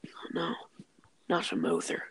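A podcast co-host in casual chat, speaking in a dry, low-key way and often sinking to near-whispers. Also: male voice, measured pace, fairly bright tone, rough recording. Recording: faint background noise.

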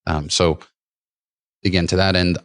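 A man with a very deep voice hosting a podcast interview. He chats casually and rambles, restarting his sentences and filling pauses with "like" and "um." The sound is dry and close to the mic. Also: flat delivery, no echo. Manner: rambling, many restarts and fillers. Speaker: podcast host.

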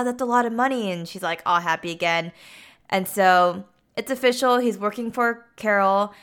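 Woman, casual story recap, chatty fillers, bright voice, smooth clear tone. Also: medium pitch. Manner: chatty, with frequent 'like' and 'you know'. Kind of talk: casual film plot retelling.

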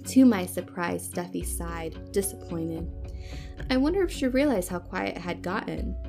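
A woman podcast host reading a spooky story aloud in a hushed, suspenseful way. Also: mid-range voice, expressive, a little fast, creaky, over music.

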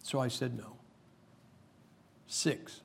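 A man's voice: mid-range voice, fairly even intonation, drawn-out words, gravelly, background noise. A man preaching a humorous sermon, telling stories and making emphatic points with jokes. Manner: joking, storytelling, emphatic preacher.

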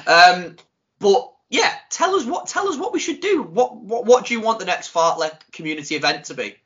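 A man hosting a podcast, chatting casually with jokey, animated banter. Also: high-pitched, moderate pace. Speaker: podcast host. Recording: dull lo-fi sound.

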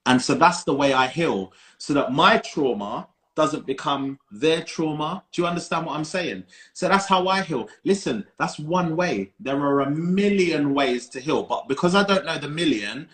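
A man's voice: fairly high pitch, moderate pace, hardly any pauses, a bit bright. Earnest man in his thirties. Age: 30s. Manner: earnest, emphatic, repeats key phrases. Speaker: podcast co-host. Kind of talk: casual chat.

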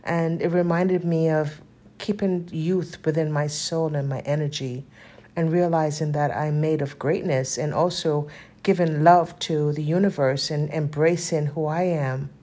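A woman in her fifties talks straight to her viewers in an open, earnest way, with a somewhat low voice. She drifts between thoughts, pausing often and filling gaps, with a spiritual tone to how she speaks. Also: fairly even intonation, warm tone. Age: 50s. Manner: earnest, spiritual, rambling with many pauses and fillers. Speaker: lifestyle vlogger. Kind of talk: casual heartfelt vlog.

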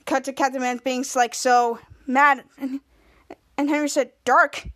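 High-voiced woman rambling through a recap. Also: flat delivery, unhurried, fairly bright tone, no room sound, clean studio sound. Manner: rambling, repeats "cut to" with questioning "hmm?" fillers. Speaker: podcast host. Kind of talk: casual TV episode recap.

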